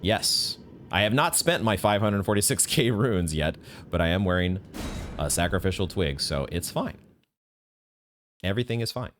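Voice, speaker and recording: Low-pitched and fairly bright, a man comments live at a moderate pace on a blind video game playthrough, chatting and wondering aloud in a lighthearted way while game music plays.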